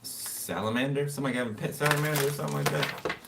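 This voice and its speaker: A man's voice: fairly high pitch, fast talker, gravelly. Chatty man reading tarot, distant mic. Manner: loose and chatty, laughs to himself, talks to the viewer while pulling cards. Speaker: tarot reader. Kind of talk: casual tarot reading monologue. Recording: distant mic with loud background noise.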